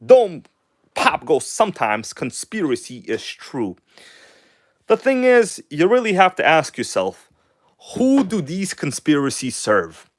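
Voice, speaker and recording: A man's voice: high voice, a little slow, dry recording, clean studio sound. Chatty man hosting a hobby livestream. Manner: chatty, swings between animated showman tone and mumbled asides. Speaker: livestream host. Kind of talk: casual livestream chat while working on a model engine.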